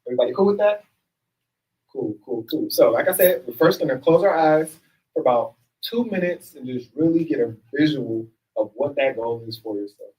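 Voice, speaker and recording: A man's voice: medium pitch, lively intonation, moderate pace, a little mellow. Upbeat man leading a group, distant mic. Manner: upbeat, encouraging, casual and chatty. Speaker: workshop facilitator. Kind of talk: leading group affirmations and exercises. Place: room with a group of people. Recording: picked up from a distance.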